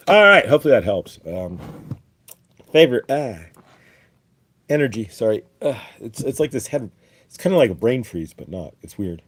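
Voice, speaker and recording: A man who hosts a spiritual show, chatting casually after a channeling in a halting, hesitant way. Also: mid-range voice, a little mellow. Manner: halting, hesitant, with many fillers and restarts. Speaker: host and channeler. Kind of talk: casual chat.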